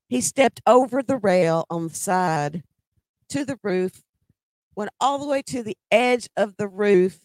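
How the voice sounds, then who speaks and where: A woman's voice: mid-range voice, a little mellow, no room sound. A middle-aged woman telling a personal story in a conversational way, with emphatic quoted dialogue.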